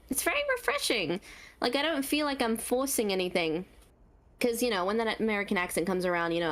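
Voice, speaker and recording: A woman's voice: mid-range voice, a bit bright. Bubbly Australian woman, voice actor guest at a convention Q&A, laughs easily and repeats lines for emphasis. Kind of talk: convention panel Q&A.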